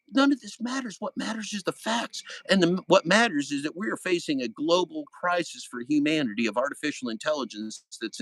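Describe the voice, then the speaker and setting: Man, livestream host, heated confrontational rant, high lively voice, bright and dry. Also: dry recording, poor audio. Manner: angry, confrontational, swearing.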